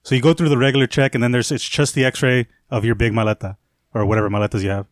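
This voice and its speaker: Fast-talking man recounting anecdotes. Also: medium pitch, level tone, no echo, studio quality. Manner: quick anecdotal telling, profane. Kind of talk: casual chat.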